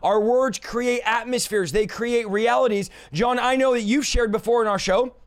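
A man's voice: very high voice, steady tone, normal speed. A male host talking in a fervent, emphatic preaching style, stacking up repeated declarations. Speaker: show host. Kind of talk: preaching-style talk show chat.

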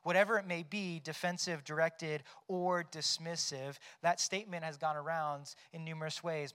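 Pastor, male, higher-pitched voice, chatty sermon delivery that keeps asking "right?". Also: steady tone, normal speed, hardly any pauses, a bit bright, smooth. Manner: conversational, tags points with "right?"; storytelling, acts out quoted lines.

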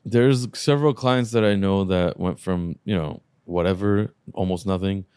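A laid-back man talking casually on a podcast, his voice low and mellow. He rattles off lists and drops the odd swear word. The sound is close and dry. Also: moderate pace, smooth, no room sound. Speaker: podcast co-host, car shop owner.

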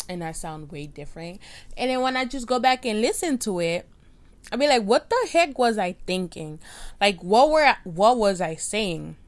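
A young woman in her late teens or twenties rambles through a casual solo podcast rant, self-deprecating and restarting her sentences as she goes. Her voice sits a little low for a woman. She is recorded at home on a cheap microphone. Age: young adult. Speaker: podcast host. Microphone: cheap USB microphone.

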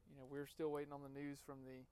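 A man hosting a podcast, telling a personal story in an earnest, emotional way, halting and restarting as he talks. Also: mid-range voice, monotone, a little mellow, clean tone. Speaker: podcast host. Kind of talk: personal story, casual monologue.

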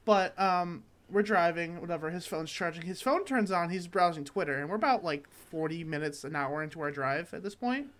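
A young man from Michigan co-hosting a comedy podcast, telling a long, profane, rambling story with lots of restarts. He sounds tired, and his voice has not warmed up yet. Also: on the high side, lively intonation, moderate pace, few pauses. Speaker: podcast co-host. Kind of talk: casual comedic chat.

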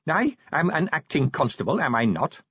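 Trembling little clerk of a man, stiff and formal, pitched high, played by a male reader; a bit husky, dull sound. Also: big pitch swings, normal speed, fairly bright tone, dry recording, heavily acted. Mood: earnest, resolute. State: trembling, teeth chattering. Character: small timid man, earnest acting constable. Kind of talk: audiobook character voice.

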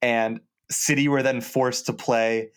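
A young man co-hosting a podcast in relaxed casual chat, with many fillers. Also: medium pitch, slow, clear, resonant tone. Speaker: podcast co-host.

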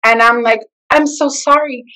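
A woman telling her personal faith testimony in an animated way, acting out the voices of the people in her story. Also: fairly high pitch, normal speed, poor audio. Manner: expressive storyteller who acts out the quoted lines. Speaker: guest sharing her testimony.

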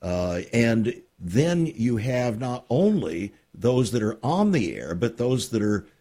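A man's voice: mid-range voice, big pitch swings, takes it slowly, dark tone. A man hosting a radio interview program, speaking in an earnest, emphatic way.

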